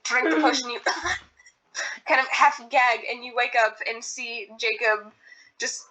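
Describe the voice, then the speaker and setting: Woman game master, descriptive narration, bright. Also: a little high, slow, rough recording. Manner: descriptive, repeats words while narrating.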